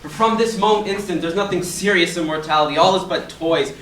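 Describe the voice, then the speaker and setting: A teenage boy in a school stage performance, reciting lines in a measured way. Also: sits high, a bit bright, slight background noise. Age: teens. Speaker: student actor as Macbeth. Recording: echoey room, distant mic.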